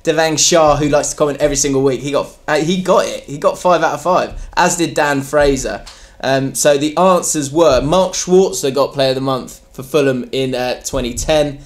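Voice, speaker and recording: A man hosting a casual football podcast, chatty and quick to laugh. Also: mid-range voice. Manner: laughs often, loose and chatty. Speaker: podcast host.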